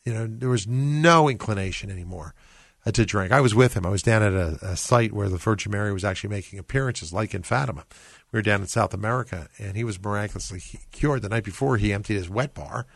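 Male radio host, low-ish voice, earnest, restarts a lot, dry studio sound. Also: fast talker, gravelly, no echo. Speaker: radio talk show host. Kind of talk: faith call-in radio talk.

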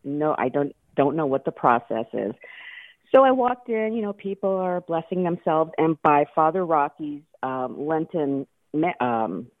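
A woman's voice: sits low, lively intonation, measured pace, no echo. A woman calling in to a radio show, telling a personal story with laughter and tears. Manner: laughing, tearful storytelling with restarts. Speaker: caller. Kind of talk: emotional call-in story. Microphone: phone. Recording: tinny phone line.

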